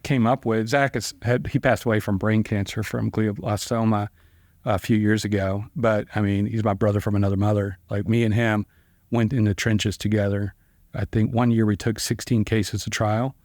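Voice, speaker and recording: A man's voice: fairly low pitch, a little mellow, no echo, studio quality. A man, a trial lawyer and podcast guest, telling stories casually with rambling, conversational delivery full of fillers and restarts. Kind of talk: casual storytelling.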